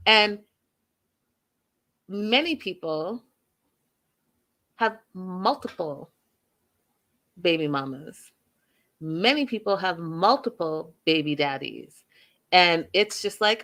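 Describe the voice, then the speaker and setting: This host's voice is fairly low and fairly bright, slow and expressive, with frequent pauses. Recapping and reviewing reality TV, she leans into heavy emphasis, says phrases over and over, and keeps asking her audience rhetorical questions.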